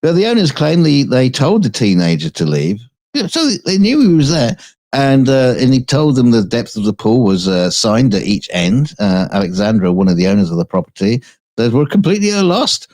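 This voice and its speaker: A man's voice: medium pitch, sing-song, normal speed, darkish tone. A man co-hosting a casual comedic news show, reading odd stories and joking between them with frequent laughs. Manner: laughs often, joking asides.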